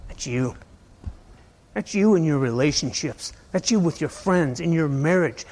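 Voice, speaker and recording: A man preaching a sermon in a conversational, rambling way, asking his listeners question after question and swinging between loud and soft. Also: on the high side, expressive, measured pace. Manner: conversational, asks the audience many questions. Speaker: pastor.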